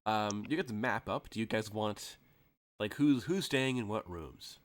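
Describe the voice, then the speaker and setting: A man with a somewhat low voice narrates a tabletop game as its game master. He rambles, restarts his sentences and laughs often between them. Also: a little slow.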